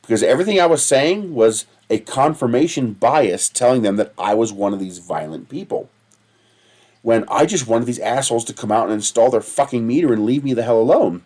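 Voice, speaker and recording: A man hosts a livestream in a loose, digressive way, wandering from point to point. He swears freely and laughs at his own stories. His voice sits at an ordinary middle pitch. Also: animated, fairly quick, darkish tone. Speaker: livestream host. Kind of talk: casual rambling livestream talk.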